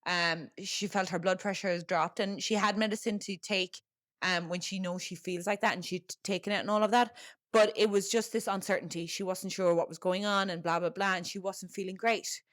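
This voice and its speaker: A young Irish woman talking frankly in casual storytelling, full of fillers and the odd curse. Her voice sits at an ordinary middle pitch. The sound is close and dry. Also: fairly even intonation, a little fast, a bit bright, no echo. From Ireland. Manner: chatty and frank, with lots of fillers and swearing. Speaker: podcast host.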